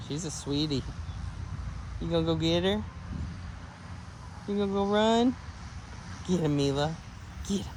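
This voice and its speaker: Upbeat male dog trainer outdoors. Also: a little hiss or hum. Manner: upbeat, encouraging, praises dogs in a high sing-song voice. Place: outdoors beside a car.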